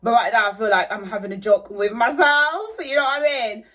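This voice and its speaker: A woman's voice: on the high side, brisk, a bit bright. Woman vlogger, casual and rambling, handheld phone sound. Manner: rambling, chatty, many fillers. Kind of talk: casual chat to camera.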